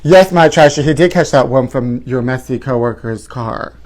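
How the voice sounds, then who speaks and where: A man's voice: medium pitch, moderate pace, a little mellow. A man in his forties hosting a live gossip talk show, flamboyant and sassy, calling his viewers honey. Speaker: host.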